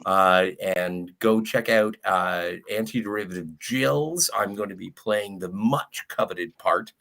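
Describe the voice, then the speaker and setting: A man's voice: on the low side, a little slow, bright, forceful tone. A man joking and rambling as a guest on a live stream. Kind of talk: casual live-stream chat.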